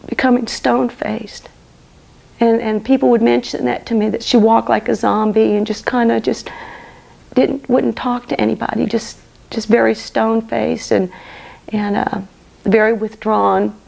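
A woman giving an earnest personal testimony, halting and repeating phrases as she speaks. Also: a little high, creaky, darkish tone.

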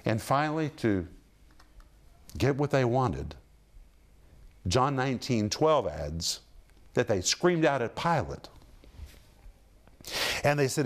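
A man's voice: medium pitch, big pitch swings, takes it slowly, long pauses. Emphatic male Bible teacher. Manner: emphatic, dramatic delivery with sharp rises and drops; explains word meanings step by step.

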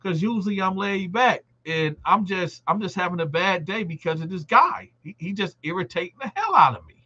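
A man hosts a live stream and tells a prison story in a loose, conversational way. His voice is bright and cutting and sits a bit high for a man. He acts out the other inmates' lines, and the dull, lo-fi stream audio takes the top off the sound. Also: animated, brisk, slightly rough. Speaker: livestream host telling a prison story. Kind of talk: casual storytelling to a live audience.

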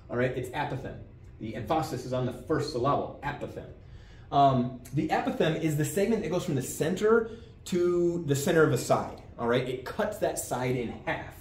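A man's voice: mid-range voice, a little mellow. A man teaching a geometry lesson in a classroom, repeating key terms and checking in with "all right?". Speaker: math teacher. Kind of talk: classroom lecture. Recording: roomy, distant from mic, faint background noise.

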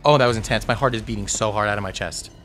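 A man giving panicky, excitable commentary while playing a video game, talking to himself and cheering out loud. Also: lowish voice, very fast, a little hiss or hum. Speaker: gameplay streamer. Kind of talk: live gameplay commentary.

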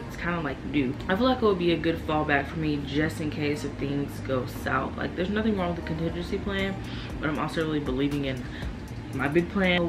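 A woman's voice: low voice, low-quality recording. A young woman vlogging casually to camera, rambling candidly with many fillers, tired and yawning. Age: young adult.

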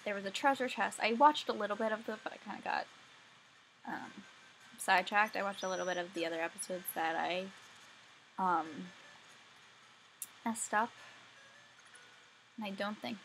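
Young woman gamer, casual rambling commentary, slight fry, faint game music behind. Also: mid-range voice, moderate pace, pauses often, a bit bright, low-quality recording. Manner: chatty, talks to herself while playing. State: sleepy, yawning. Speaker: let's play gamer.

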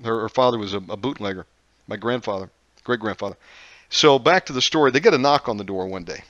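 A man's voice: fairly low pitch, fast, a bit bright, no room sound, muffled recording. A man hosting a Christian talk show, telling a family story casually with many fillers and restarts. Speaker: show host.

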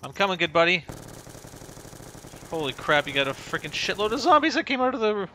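Man, bright edgy tone, swooping pitch, excitable callouts, headset chat. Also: a little fast, slight background noise. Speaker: co-op game player. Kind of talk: casual gaming chat.

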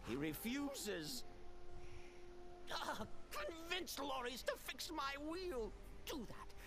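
An actor playing a manic, unhinged male jester who talks in a sing-song way and swings between shrieks and low mutters. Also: wildly swooping pitch, slow pace, background noise, full character voice. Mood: giddy. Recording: game audio with music behind.

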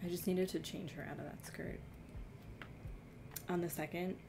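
A woman's voice: lowish voice, steady tone, moderate pace, creaky, noisy background. A young woman from New Jersey with a slight New Jersey accent, chatting casually with her stream chat, giggly and self-deprecating.

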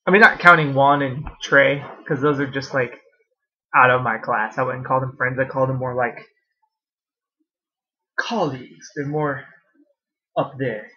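A man's voice: medium pitch, measured pace, long pauses, bright, forceful tone, lo-fi sound. A young man in a casual vlog at home, rambling and sarcastic about college, laughing often, recorded on a webcam. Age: young adult. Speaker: vlogger.

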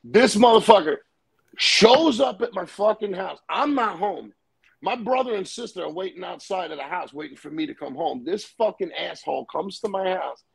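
A man's voice: high voice, lively intonation, normal speed, vocal fry, slightly rough. A man telling a profane, rambling story in casual chat. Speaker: storyteller guest. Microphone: live stream call.

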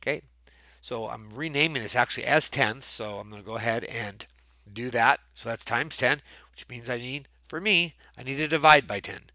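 Brief: male math teacher, patient step-by-step talk, mid pitch. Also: normal speed, pushed and bright, no room sound. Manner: patient, thinking aloud step by step. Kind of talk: screen-recorded math lesson.

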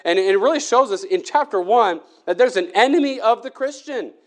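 Earnest higher-voiced male preacher. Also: expressive, moderate pace. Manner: earnest, with frequent restarts and fillers. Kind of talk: sermon.

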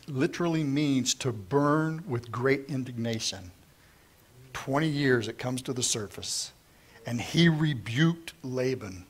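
A middle-aged man with a husky, medium-pitched voice teaches the Bible verse by verse. He reads scripture aloud, then retells it in plain, lively everyday language.

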